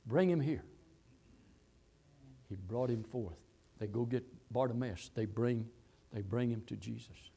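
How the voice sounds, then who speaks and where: A man preaching a sermon, quoting scripture and repeating phrases, swinging between loud, high exhortation and low, quiet telling. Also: steady tone, moderate pace, creaky, few pauses, breathy edge. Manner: reads and quotes scripture verses.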